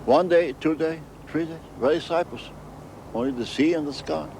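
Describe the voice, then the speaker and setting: Older man, interviewee, storytelling, halting non-native English, repeats phrases, faint traffic outdoors. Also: fairly high pitch, gravelly. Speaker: interviewee recounting memories.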